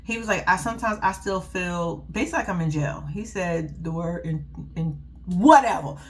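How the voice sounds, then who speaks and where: A woman's voice: fairly low pitch, normal speed, slight background noise. A young woman, giving a blunt, sassy, profane casual recap with laughing asides. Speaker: reality TV recap host.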